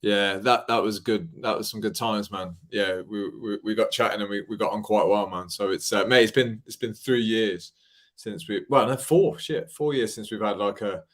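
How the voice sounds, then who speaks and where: A man's voice: lowish voice, normal speed, fairly bright tone. A man with an English accent hosting a podcast, bantering loosely with his guest, swearing freely and saying "mate" and "dude". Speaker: podcast host. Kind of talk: casual chat.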